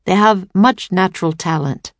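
A gentle, wise old poet with a calm, measured way of speaking, as a woman reader puts him on. The voice is lowish and dry, recorded close. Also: no room sound, lightly acted.

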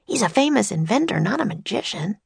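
Woman voicing a cautious young boy, quiet, low, gravelly edges, dry sound. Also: sing-song, a little fast, dry recording, full character voice. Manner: quiet, hesitant, soft. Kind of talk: storybook character voice.

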